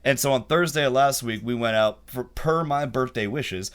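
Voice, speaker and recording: A man's voice: mid-range voice, moderate pace, smooth. A man hosting a casual podcast chat, who laughs often while telling stories. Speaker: podcast host.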